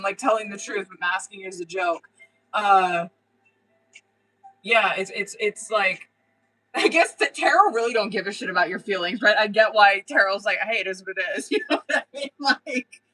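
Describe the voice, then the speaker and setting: Bright-voiced young woman reading tarot live. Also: mid-range voice, poor audio. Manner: chatty, casual and profane, full of "like" and "um"; animated, laughing often. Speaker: tarot reader.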